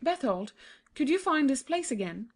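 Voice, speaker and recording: A woman's voice: high-pitched, sing-song, moderate pace. A woman voicing a young, trusting princess, earnest and pleading in a childlike way.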